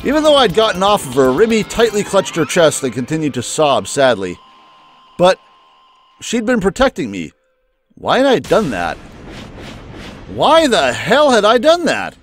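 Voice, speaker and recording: Man voicing a battered young first-person narrator; plain, slightly high, light drama. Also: wildly swooping pitch, normal speed, long pauses, faint music behind. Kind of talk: reading visual novel narration aloud.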